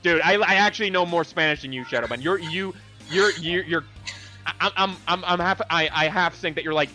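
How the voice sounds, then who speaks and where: A man's voice: fairly high pitch, normal speed, bright, forceful tone, soft background music. A man in a heated online panel argument, ranting angrily with stammered repeats, his voice strained. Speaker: panel guest.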